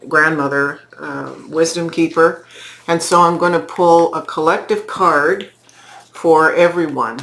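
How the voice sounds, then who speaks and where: A woman giving a weekly tarot card reading in a slow, reflective, spiritual manner. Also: low-pitched, a bit bright, a little hiss or hum. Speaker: tarot reader.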